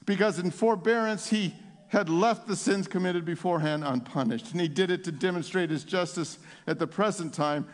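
A man preaching in a church with a high-pitched voice that swings from near-whispers to ringing declarations. The sound carries a long reverb tail from the large sanctuary. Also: moderate pace. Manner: swings between hushed intimacy and loud exclamation. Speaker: pastor. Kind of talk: Easter sermon.

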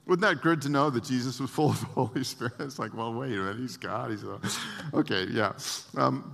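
A man preaching a lively sermon to his congregation, with laughs and asides. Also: mid-range voice, moderate pace, gravelly, long reverb tail. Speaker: pastor.

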